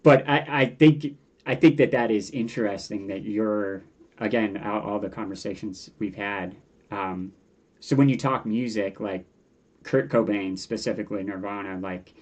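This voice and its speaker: A man in his forties speaks as a guest in a relaxed podcast interview, his voice sitting fairly low. He talks earnestly and animatedly, often doubling words as he works out his thoughts. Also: normal speed. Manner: earnest and animated, repeats words while thinking. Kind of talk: casual conversational interview.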